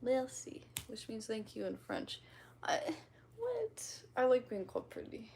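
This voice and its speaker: A woman's voice: fairly high pitch, wildly swooping pitch, unhurried, dark tone, whispered. A young woman from the Midwest with a slight twang, chatting casually and reading viewer comments on a livestream, rambling and giggly with casual swearing.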